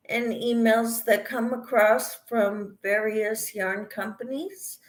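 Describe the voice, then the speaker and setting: Slow-talking woman chatting on a livestream. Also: fairly high pitch, reverberant. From Kansas. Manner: chatty, greets viewers by name while cooking. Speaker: crochet channel host. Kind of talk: casual livestream chat with viewers. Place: home kitchen.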